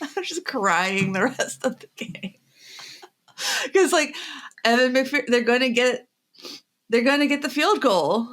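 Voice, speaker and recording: A woman's voice: high-pitched, slow pace, pauses often. A woman co-hosting a podcast, chatting casually and telling a story with lots of laughter. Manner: laughing often, excited storytelling. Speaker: podcast co-host. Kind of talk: casual chat.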